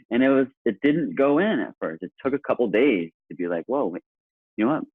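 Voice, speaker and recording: A man's voice: mid-range voice, big pitch swings, brisk, husky, no echo. A man telling stories in a casual podcast conversation, earnest and enthusiastic. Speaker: guest. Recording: tinny phone-line sound.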